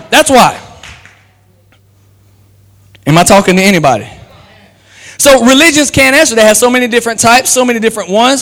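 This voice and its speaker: A man's voice: high-pitched, a bit bright, long reverb tail. A man preaching a sermon as pastor, acting out quotes and calling on the crowd to respond.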